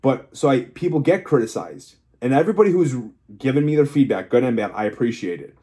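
A man's voice: medium pitch, lively intonation, brisk, warm tone. A young man talking frankly and emotionally in a solo vlog, rambling, restarting and swearing freely as a fitness coach. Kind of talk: candid solo vlog monologue.

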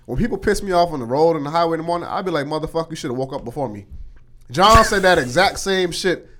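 A man's voice: fairly high pitch, quick pace. A young man co-hosting a casual podcast chat, telling work stories and acting out his coworkers' lines. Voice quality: animated storyteller, acts out coworkers' lines. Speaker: podcast co-host.

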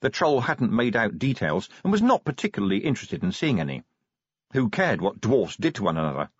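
Man narrating an audiobook, low husky voice, wry and animated, dull lo-fi sound. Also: fairly quick, no echo. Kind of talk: scripted narration.

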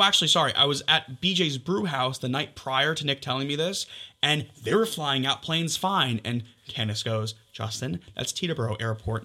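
A young man and podcast co-host telling a story in a casual chat, animated and swearing as he acts out text messages. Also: medium pitch. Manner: animated, swearing, quick retelling with quoted texts.

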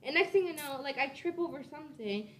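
A teenage girl co-hosting a school podcast, telling a story in a giggly, animated way. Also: high voice, quick pace, a little hiss or hum. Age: teens. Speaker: student podcast co-host. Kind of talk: casual chat, storytelling.

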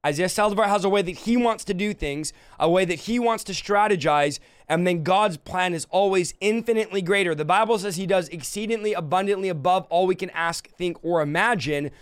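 A man's voice: sits high, fairly quick, few pauses, clean tone, dry recording, studio quality. A man preaching a fervent sermon, repeating phrases and acting out quoted dialogue.

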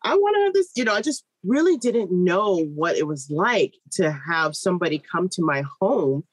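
A woman in her thirties, a midwife, telling a long personal story in an interview with lively, animated delivery and quoted voices. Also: on the low side, normal speed, breathy edge, no echo, rough recording.

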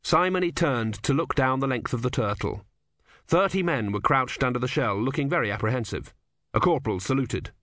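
A man reading an audiobook in a measured, wry storytelling manner. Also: medium pitch, lively intonation, a bit bright, dry recording, studio quality. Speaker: audiobook narrator. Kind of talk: scripted narration.

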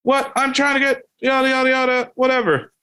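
A man's voice: extremely high pitch, completely flat delivery, fairly quick, bright, forceful tone, clean tone, voice pushed up. A man voicing an irritated adult male driver who raises his voice in exasperated indignation. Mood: dismissive.

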